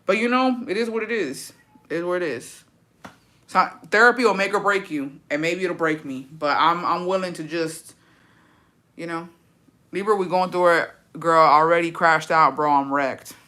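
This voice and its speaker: A young woman with a bright, forward voice talks casually to her livestream audience. She is blunt and profane, swears freely, and runs her sentences together in a loose, chatty rhythm. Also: fairly low pitch, normal speed. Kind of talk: casual chat answering viewer comments.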